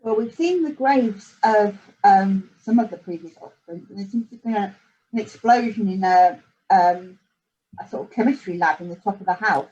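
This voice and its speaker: A woman playing a tabletop game, speaking in halting starts and repeated words. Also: mid-range voice, dark tone. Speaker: player. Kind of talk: casual tabletop game chat. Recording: dull lo-fi sound.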